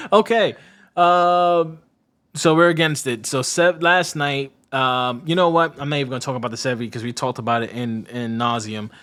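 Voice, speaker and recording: A man co-hosting a casual sports podcast, talking at an ordinary middle pitch. He rambles through his points, restarts his sentences, turns sarcastic and stops to hunt for names. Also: fairly even intonation, measured pace, long pauses, fairly bright tone. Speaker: podcast co-host.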